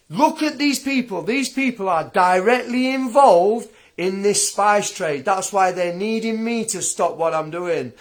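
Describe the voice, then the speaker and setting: A man's voice: sits high, lively intonation, a little slow, hardly any pauses. A man ranting straight to camera in a blunt, combative, indignant vlog monologue. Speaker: vlogger.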